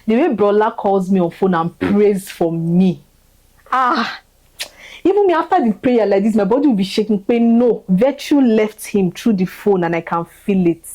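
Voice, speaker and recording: Fervent woman, mellow voice. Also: mid-range voice, low-quality recording. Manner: fervent, repetitive, voice rising with feeling. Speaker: vlogger giving a testimony. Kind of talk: emotional spoken thank-you testimony.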